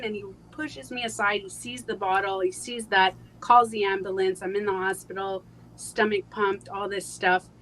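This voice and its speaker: A woman guest in a live interview, telling a personal story in a halting way, with many fillers and restarts, going soft on painful moments. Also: medium pitch, fairly even intonation, rough recording.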